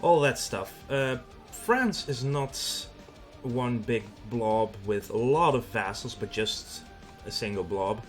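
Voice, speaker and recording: A man's voice: mid-range voice, animated, takes it slowly, few pauses, soft background music. A Dutch man with a Dutch accent hosting a let's play, explaining the game in a casual way with frequent fillers. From Netherlands. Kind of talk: gameplay commentary.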